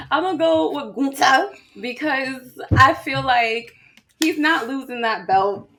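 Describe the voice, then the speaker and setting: A woman's voice: high-pitched, measured pace, pushed and bright. A woman co-hosting a podcast in casual chat, laughing often and talking with many "like" fillers. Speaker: podcast co-host.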